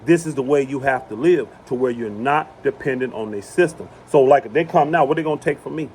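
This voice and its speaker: Outdoors on his property, a preacher gives an impassioned religious talk, emphatically repeating phrases to hammer his points home. His mid-range voice is a little fast and darkish, with a little hiss or hum in the recording.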